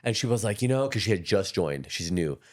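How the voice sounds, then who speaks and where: Fast-talking deep-voiced man. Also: expressive. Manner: rapid, rambling storytelling with many restarts. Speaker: guest, energy healer. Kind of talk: casual podcast conversation.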